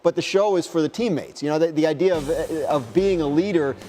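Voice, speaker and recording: Male sports reporter, slightly higher voice, loose conversational delivery with frequent restarts. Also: fairly quick, dark tone, faint music behind. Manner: rambling, many restarts and retold quotes. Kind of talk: conversational interview answers.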